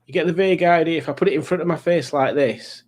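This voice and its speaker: A man's voice: fairly high pitch, fast, darkish tone. A middle-aged British man hosting a live chat stream, rambling, self-mocking and easily sidetracked. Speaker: livestream host.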